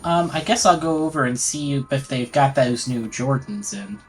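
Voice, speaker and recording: A man's voice: medium pitch, lively intonation. Joking male player over music. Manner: joking, halting with fillers. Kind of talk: casual game chat.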